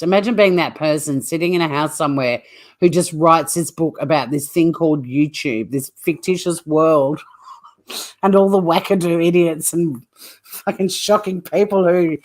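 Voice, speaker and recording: Her voice sits on the low side. She hosts a true crime livestream, reacting to chat with loose, rambling talk, plenty of swearing and blunt remarks.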